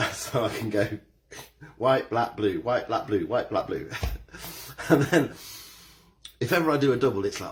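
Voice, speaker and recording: A man's voice: mid-range voice, animated, measured pace, pauses often, slight background noise. A middle-aged man, leading a live-streamed exercise class and cheerily greeting viewers by name. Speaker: fitness instructor.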